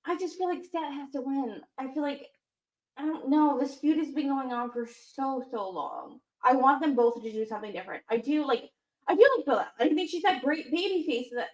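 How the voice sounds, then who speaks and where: A woman's voice: high-pitched, roomy sound, low-quality recording. A woman co-hosting a wrestling podcast, chatting casually and rambling through restarts and fillers. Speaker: podcast co-host.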